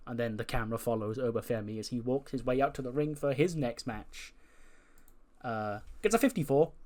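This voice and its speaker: A man narrates his wrestling management game in a chatty, casual way. His voice sits at an ordinary male pitch. He walks through each scene as if telling a friend. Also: darkish tone. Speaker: let's play narrator.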